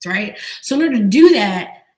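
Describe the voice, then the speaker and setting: Young adult woman, mid-range pitch, live-stream business coach, energetic call-and-response teacher who repeats her prompts. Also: moderate pace. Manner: animated, repetitive call-and-response questioning. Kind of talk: live online training, quizzing viewers.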